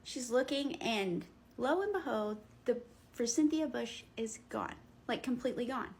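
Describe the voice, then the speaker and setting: A young woman, telling her own ghost stories in a blunt, animated, casual way and swearing freely. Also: fairly high pitch, unhurried, creaky, slightly rough. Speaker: paranormal storyteller. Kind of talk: casual storytelling.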